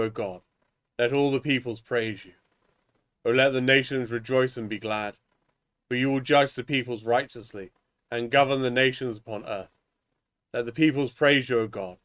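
A man leading evening prayer, reading psalms and scripture in a measured, solemn way, now and then tripping over a word. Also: mid-range voice, a bit bright.

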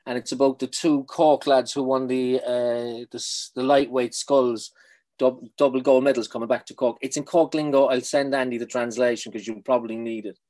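A man from Ireland, a poet, chatting in an interview, quick and self-deprecating, trailing off softly. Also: medium pitch, steady tone. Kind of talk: casual interview chat.

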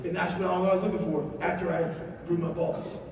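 A man with a high-set voice delivers blunt motivational stories full of swearing, pressing every point with intensity. He sounds distant from the microphone, and his words ring through a large, echoing hall with a faint hiss underneath. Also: fairly even intonation, a little fast, creaky. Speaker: guest speaker. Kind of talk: profane motivational storytelling. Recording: echoey hall, distant mic, faint noise.

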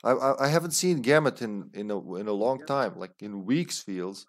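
A man's voice: on the low side, expressive, moderate pace. A man streaming an online game and chatting casually with friends, joking and swearing, laughing often. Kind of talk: casual gaming chat.

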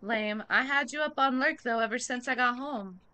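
A woman's voice: on the high side, moderate pace, pushed and bright, smooth. A woman streaming a game live, chatting casually and slangily with her viewers and humming idly between remarks. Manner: slangy, talks straight to chat.

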